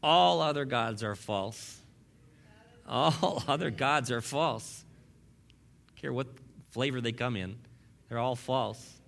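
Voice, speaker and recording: A man's voice: medium pitch, slow pace, vocal fry, pauses often, a bit bright. A man preaching a sermon as pastor, emphatic and fond of repeating key lines, with wry asides to the congregation.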